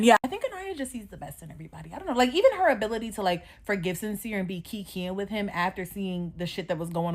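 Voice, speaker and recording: A woman recapping a reality show in a casual, sassy, animated way, swearing freely and laughing often. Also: fairly high pitch. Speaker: recap vlogger.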